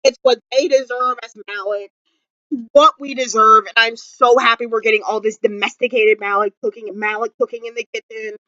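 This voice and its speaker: A woman's voice: a little high, fairly even intonation, brisk, sharp tone, dry recording, dull audio. A young woman vlogging a fan review of a TV episode, gushing and dramatic, full of "like" and fillers. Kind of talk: excited fan review chat. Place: indoors at home.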